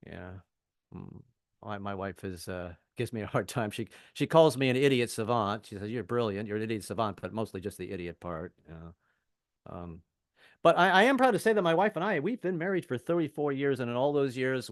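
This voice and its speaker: A man's voice: medium pitch, dry recording, studio quality. An older man from the American South doing a rambling, self-deprecating stand-up set with frequent stammered restarts. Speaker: stand-up comedian.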